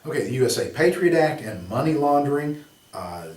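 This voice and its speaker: A man's voice: on the high side, expressive, fairly quick, a little mellow. Male instructor, loose conversational classroom delivery full of asides, recorded from a distance with room echo. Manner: conversational, rambling, with many fillers and rhetorical questions. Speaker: exam prep instructor. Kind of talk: classroom lecture.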